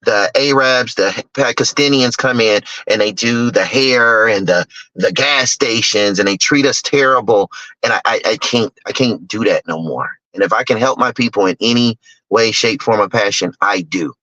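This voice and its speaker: The middle-aged investor and guest speaker recounts personal stories with candor and emphasis, performing others' lines. His voice is on the low side, bright and forceful at a moderate pace, in a dull, dry lo-fi recording with no echo.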